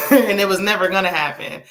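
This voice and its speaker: A woman's voice: mid-range voice, moderate pace. Chatty woman recapping a movie. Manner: chatty, animated retelling with laughs and acted-out quotes. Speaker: movie review host. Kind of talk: casual live movie recap.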